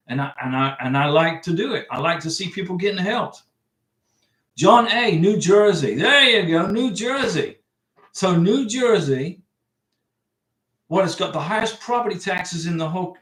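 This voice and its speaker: A middle-aged man from the United States hosting a casual livestream, answering viewer comments in a chatty, rambling way with frequent restarts. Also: high-pitched. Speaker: livestream host giving visa advice. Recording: echoey room, distant mic.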